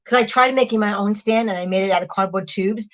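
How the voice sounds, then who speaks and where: A woman's voice: mid-range voice, quick pace, a bit bright, lo-fi sound. A middle-aged woman hosting a casual livestream, reading viewer comments aloud and chatting while she chops vegetables, laughing often and sometimes talking with food in her mouth. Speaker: vlog host reading live chat.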